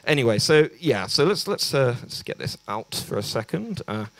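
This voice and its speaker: A man's voice: mid-range voice, big pitch swings, normal speed, a bit bright, no echo. A young English man doing a stand-up set at an open mic, hesitant and self-deprecating, with lots of ums and restarts. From England. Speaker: stand-up comedian. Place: small bar venue.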